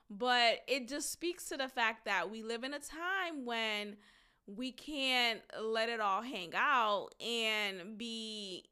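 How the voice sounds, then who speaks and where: A woman hosting a solo commentary podcast, talking in an emphatic, drawn-out, deliberate way. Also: on the high side, sharp tone, clear, resonant tone. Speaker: podcast host.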